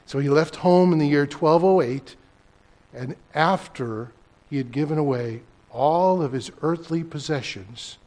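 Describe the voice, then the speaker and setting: Older male preacher, soft-loud storytelling. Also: a little high, measured pace. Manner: storytelling, swinging from loud emphasis to near-whispered lines. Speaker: pastor. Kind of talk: sermon.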